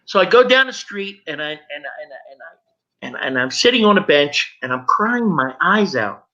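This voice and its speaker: A middle-aged man, a guest, telling his personal story with emotion, halting and repeating words as he goes. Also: fairly high pitch, big pitch swings, pushed and bright. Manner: halting, stumbles and repeats words when moved. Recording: dull lo-fi recording.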